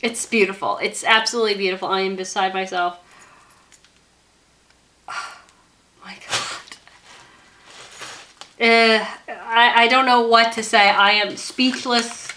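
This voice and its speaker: A young woman vlogging as she opens a gift, gushing with repeated excited exclamations. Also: mid-range voice, normal speed. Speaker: YouTuber opening a gift. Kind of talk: casual vlog unboxing.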